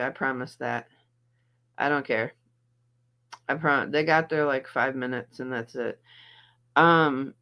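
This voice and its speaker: A woman's voice: low voice, a bit bright. A middle-aged woman hosting a livestream, chatting casually and greeting her viewers by name while in some pain and feeling a little off. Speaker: livestream host reacting to videos.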